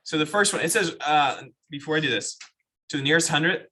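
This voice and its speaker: A man's voice: on the high side, a little fast, pushed and bright. A man teaching a math class, explaining step by step and asking the students questions. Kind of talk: classroom lecture.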